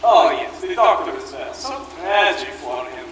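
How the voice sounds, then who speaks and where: A young man in a school stage play playing a sinister aristocratic vampire count with smooth, menacing formality. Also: fairly high pitch, very animated, unhurried, a bit bright. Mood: courteous. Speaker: high school actor. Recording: echoey hall, distant mic, noisy.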